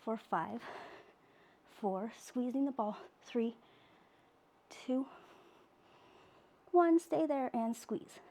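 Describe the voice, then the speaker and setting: A woman's voice: on the high side, animated, drawn-out words, long pauses, warm tone. A woman leading a pilates workout class, giving exercise cues while she works out herself and gets out of breath. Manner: cueing exercises while working out, breathy exhales. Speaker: pilates instructor.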